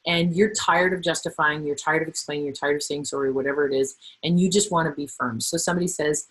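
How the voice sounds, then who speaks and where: A middle-aged woman trainer presenting a workplace webinar, animated and acting out the voices she quotes. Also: deep voice, brisk, slightly rough, poor audio.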